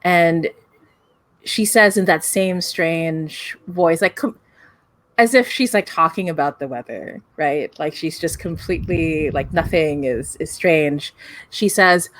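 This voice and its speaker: A woman's voice: low voice, slow pace, no room sound. A woman narrating a tabletop game as game master, describing scenes at length with frequent "like" and "right?" fillers.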